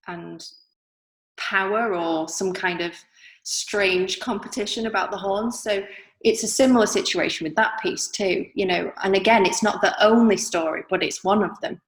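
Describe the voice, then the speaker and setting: A woman with a softened northern English accent, talking casually as an artist guest, reflective and full of fillers. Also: medium pitch, roomy sound, rough recording. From northern England. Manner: reflective, chatty, many fillers. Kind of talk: casual interview chat.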